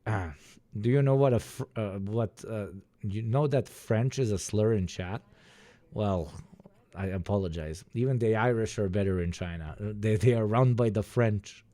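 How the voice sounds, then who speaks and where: A young man streaming to his chat, rambling through a story with plenty of swearing and asides. His voice sits a little low and sounds mellow, recorded close and dry. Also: normal speed, dry recording. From Balkans. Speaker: livestreamer. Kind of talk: casual chat with viewers.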